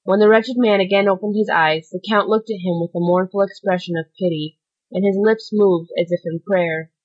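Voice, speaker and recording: Woman, audiobook narration, steady even reading, mid-pitched, slightly muffled sound. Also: moderate pace.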